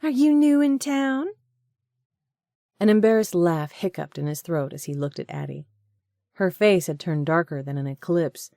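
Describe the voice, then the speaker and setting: A woman narrating a romance audiobook in a measured, even storytelling manner. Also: low voice, vocal fry, dry recording, clean studio sound. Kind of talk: scripted narration.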